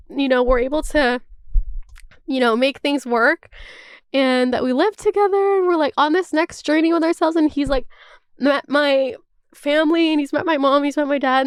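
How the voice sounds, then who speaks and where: A woman's voice: sits high, no echo, studio quality. A woman in her twenties talking casually to camera, chatty and full of "like" and swearing. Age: 20s. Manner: chatty, swears freely, heavy use of "like". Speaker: vlogger. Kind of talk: casual chat.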